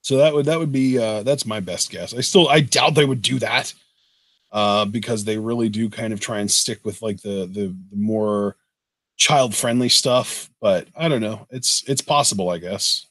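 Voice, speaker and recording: A man's voice: lowish voice, normal speed, a bit bright, no echo. A man co-hosting a live-streamed Q&A show, talking casually in a laid-back way with lots of "like" fillers. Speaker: co-host of a Q&A show.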